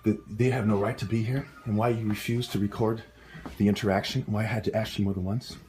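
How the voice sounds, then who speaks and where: A man's voice: on the low side, level tone, fast, warm tone, faint music behind. A man filming a heated family argument, talking in an insistent, lecturing way. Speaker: son filming an argument with his mother and police. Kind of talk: heated home recording.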